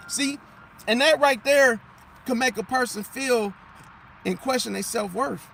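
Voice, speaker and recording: High-voiced man preaching astrology. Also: a little slow, gravelly, pauses often, soft background music. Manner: animated, emphatic, repeats "see?"; drops into mocking impressions of others. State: losing his voice. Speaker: astrology commentator. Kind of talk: casual monologue.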